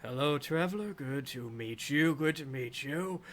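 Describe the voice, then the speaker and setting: A man voicing a calm, haughty male tortle warlord who speaks in a measured, condescending way. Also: a little high.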